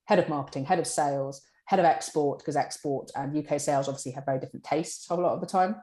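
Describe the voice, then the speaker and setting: A woman in a publishing role, answering interview questions in a chatty, animated way. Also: sits low, fast talker. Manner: chatty, animated, acts out colleagues' lines. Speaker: publishing director. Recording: echoey room.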